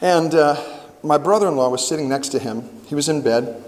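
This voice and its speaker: A man's voice: a little high, brisk. Man preaching in a reverberant hall. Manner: animated storyteller, acts out quotes. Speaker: camp worship speaker. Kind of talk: storytelling sermon.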